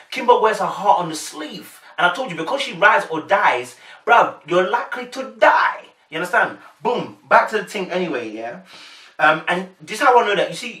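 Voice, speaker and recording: Young London man, chatty slangy commentator, bright-toned, slightly raised pitch, room echo, off-mic. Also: distant mic. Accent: London English. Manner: chatty, slangy, addresses viewers directly. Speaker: reaction commentator. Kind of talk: casual to-camera commentary. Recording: echoey room, voice a bit off-mic.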